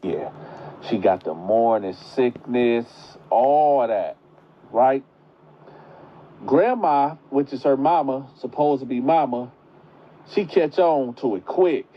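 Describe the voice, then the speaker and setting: Slow laid-back man telling a story. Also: mid-range voice. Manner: animated, conversational, addresses viewers as y'all. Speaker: storyteller vlogger. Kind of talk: casual storytelling. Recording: muffled lo-fi recording.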